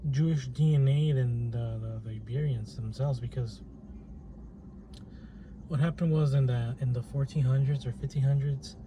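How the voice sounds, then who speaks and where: A man muses aloud in a loose, meandering monologue, his voice deep-toned and very mellow. He stops and restarts often, leaning on fillers as he gathers his thoughts. A faint drone of passing planes and traffic sits under the recording. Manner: hesitant, many restarts and fillers. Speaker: channel host. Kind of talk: casual rambling monologue. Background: faint plane and traffic noise.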